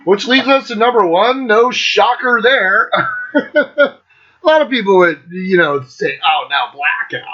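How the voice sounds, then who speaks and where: A man in his fifties hosting a casual monologue, swearing constantly, excitable and breaking into bits of song. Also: extremely high pitch, measured pace, pauses often, dull audio. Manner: profane, excitable, breaks into singing. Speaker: host. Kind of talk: casual monologue ranking albums.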